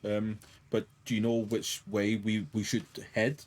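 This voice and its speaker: A man's voice: lowish voice, flat delivery, unhurried, a little mellow. A man playing a tabletop game, speaking hesitantly and politely in character. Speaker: player. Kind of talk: tabletop role-play.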